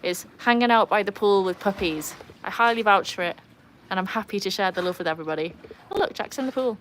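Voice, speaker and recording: British woman, livestream host, casual rambling chat, outdoors by a pool, faint background noise. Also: fast. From Britain. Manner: chatty, rambling, self-mocking, talks to her dogs in a high excited voice. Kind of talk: casual live chat reading comments.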